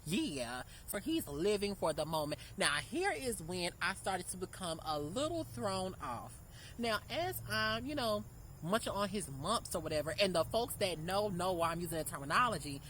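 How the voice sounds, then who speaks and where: Young woman, 20s, sassy storytime vlogger, slightly low voice, faint background hum. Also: very animated, moderate pace, fairly bright tone, poor audio. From Memphis, Tennessee. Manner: sassy, brash, keeps calling the audience girl and honey. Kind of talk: casual storytime.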